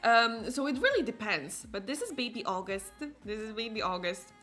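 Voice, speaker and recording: A woman's voice: a little high, lively intonation, moderate pace, bright, forceful tone, soft background music. A woman hosting a Let's Play, chatting casually and giggling while greeting viewers. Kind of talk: casual gameplay chat.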